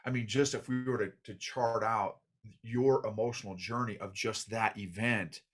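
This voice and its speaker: A man hosting an interview, affirming his guest in a halting, encouraging way. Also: lowish voice, steady tone. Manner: warmly affirming, with halting restarts. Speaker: podcast host. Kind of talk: casual interview chat.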